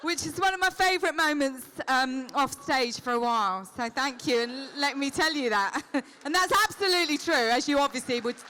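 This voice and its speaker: A middle-aged woman answering fan questions at a convention, chatty and quick to call people darling while telling lively anecdotes. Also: sits high, a little hiss or hum. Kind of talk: convention Q&A storytelling.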